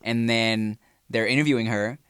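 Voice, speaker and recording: Man, podcast co-host, chatty storyteller, mid-pitched voice, dry close sound. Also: fairly even intonation, normal speed, a bit bright, clear, resonant tone, dry recording. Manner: storytelling, acts out quoted voices, laughs often. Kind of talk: casual chat.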